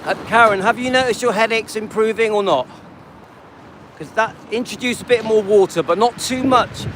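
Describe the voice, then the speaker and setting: High-voiced man chatting to a live audience. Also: normal speed, noisy background. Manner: chatty, checks in with "yeah?" and viewer names; frequent restarts and repetition. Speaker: livestream host. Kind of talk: live stream, answering viewer comments.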